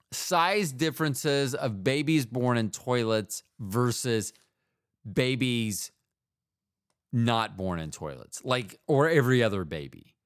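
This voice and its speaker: A man's voice: medium pitch, smooth, dry recording, studio quality. A man hosting a podcast alone, talking casually in a rambling, digressive way and swearing freely. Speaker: podcast host. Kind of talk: casual solo monologue.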